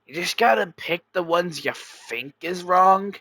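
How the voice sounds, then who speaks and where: A man's voice: high-pitched, measured pace, sharp tone, dry recording, exaggerated voice. A man doing a laid-back hippie dude. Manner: drawling, says "bros" and "like". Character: young male hippie contestant, laid-back.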